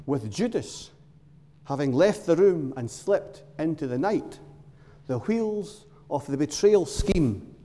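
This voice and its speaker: Male preacher, mellow voice, storytelling sermon, long hall echo. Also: fairly high pitch. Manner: storytelling, dramatic pauses and short emphatic phrases. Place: church. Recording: long reverb of a large hall.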